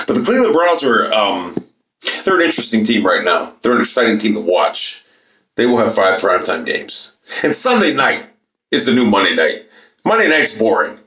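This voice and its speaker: A man's voice: mid-range voice, bright, forceful tone. A man and YouTuber ranting about football to his camera, profane, boastful and repetitive. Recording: echoey room.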